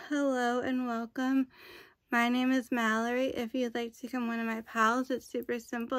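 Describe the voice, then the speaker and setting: A woman's voice: high voice, dry recording. A woman vlogging in a casual, chatty way, rambling with frequent asides. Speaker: YouTube vlogger.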